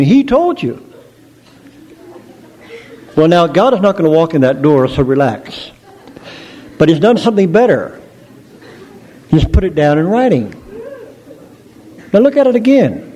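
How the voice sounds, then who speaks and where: A middle-aged male preacher giving a sermon in a folksy, animated storytelling manner, joking about himself. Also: on the high side.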